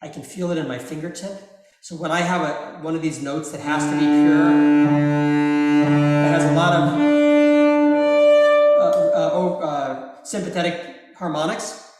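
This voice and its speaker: A man, a cellist, answering audience questions in a live masterclass, talking in an unhurried, thoughtful way with frequent ums and uhs. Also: on the high side, steady tone, darkish tone, faint music behind. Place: large reverberant hall. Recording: very echoey hall with cello in the background.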